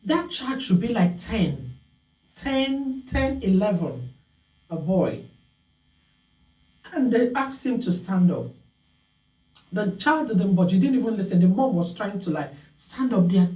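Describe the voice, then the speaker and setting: A woman hosting a call-in talk show, telling stories in an animated way and acting out scolding voices. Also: mid-range voice, a little slow, pauses often, roomy sound, recorded from a distance, lo-fi sound.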